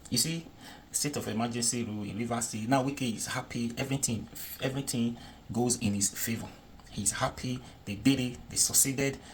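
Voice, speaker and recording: A man's voice: mid-range voice, brisk, a little hiss or hum. A Nigerian man giving casual political commentary on a video, chatty and repetitive, often checking that the viewer understands.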